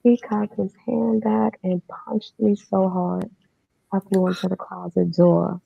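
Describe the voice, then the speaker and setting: A woman's voice: mid-range voice, level tone, measured pace, gravelly, husky, dry recording. A woman telling her own story as a guest, in a candid, matter-of-fact way with casual fillers. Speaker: podcast guest. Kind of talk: personal storytelling. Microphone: remote streaming setup. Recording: dull lo-fi online stream.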